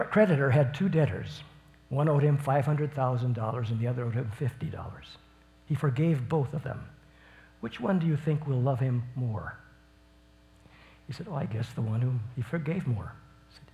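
A man teaching from the Bible in a relaxed, conversational way. His voice sits in a middle register. He rises into enthusiastic bursts, then settles back into a quiet retelling. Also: medium pitch, vocal fry.

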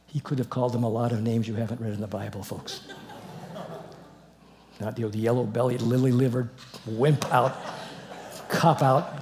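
A man preaching an expository sermon, telling the story with animated asides and chuckles. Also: medium pitch, normal speed, a little hiss or hum.

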